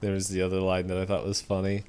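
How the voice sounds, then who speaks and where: A man co-hosting a casual film podcast, laughing a lot and acting out movie quotes in a higher voice. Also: monotone, quick pace, a little mellow, smooth. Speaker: podcast co-host.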